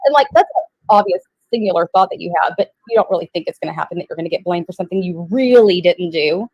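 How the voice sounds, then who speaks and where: A woman's voice: fairly low pitch, lively intonation, fast, breathy edge, no echo, dull audio. A woman in a heated live-stream argument, angry and foul-mouthed, who talks over the others and then explains at length.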